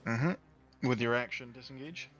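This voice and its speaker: Game master, man, bright and casual, mid pitch. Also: a little slow, lo-fi sound. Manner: casual, explains rules with many fillers. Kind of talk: running a tabletop game.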